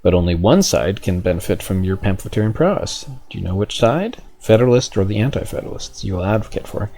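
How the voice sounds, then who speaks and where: A man's voice: lowish voice, animated, quick pace, vocal fry, warm tone. A man voicing a formal, grandly encouraging mentor in a history game, with a stately, theatrical delivery.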